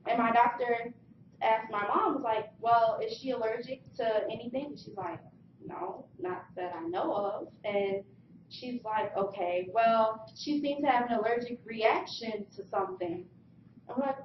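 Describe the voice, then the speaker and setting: A woman's voice: on the high side, moderate pace, a little hiss or hum. Young woman telling a story from afar. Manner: lively storyteller, acting out voices. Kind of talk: personal story speech. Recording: distant mic in an echoey room, dull sound.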